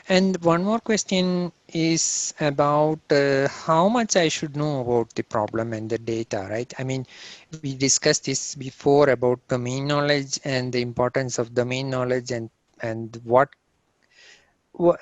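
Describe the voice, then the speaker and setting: A man's voice: mid-range voice, dry recording. A man asking long, rambling questions as a participant in a live Q&A, often restarting his sentences. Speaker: audience questioner.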